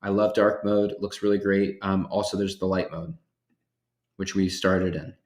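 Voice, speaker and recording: A man presenting a workshop, walking through software features step by step in an upbeat, casual way. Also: low voice, little pitch movement, normal speed, echoey room. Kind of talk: software tutorial demonstration.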